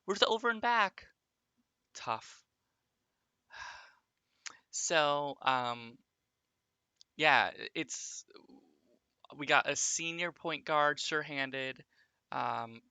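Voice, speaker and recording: A male streamer chatting loosely with his viewers over a basketball sim, padding his talk with ums and uhs. He speaks slowly with a bright, sharp-edged tone. The sound is dry and close. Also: medium pitch, clear, resonant tone, no echo. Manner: rambling, filler-heavy, chatting with viewers.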